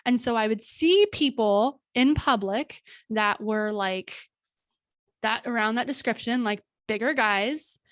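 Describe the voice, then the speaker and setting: A woman podcast host telling her own story in an earnest, candid monologue, halting often with fillers and restarts. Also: fairly high pitch, no echo, clean studio sound.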